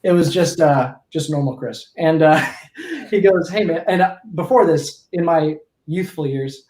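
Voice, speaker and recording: A man in his twenties talks through a story as a podcast guest, in a slightly high voice that keeps restarting and correcting itself. His casual rambling carries a noticeable echo from the room around him. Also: animated, unhurried, darkish tone. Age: 20s.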